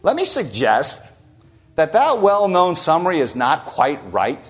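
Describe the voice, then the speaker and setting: A male preacher delivers a sermon with emphatic stresses and frequent rhetorical asides. His voice sits a little high and swings widely in pitch. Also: huge pitch swings, unhurried.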